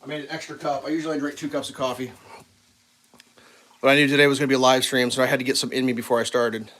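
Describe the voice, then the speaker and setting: A man from the central US cooks breakfast at home on a casual livestream, rambling to viewers and speaking to his dog. He talks fast in a medium-pitched, level voice with a fairly bright tone.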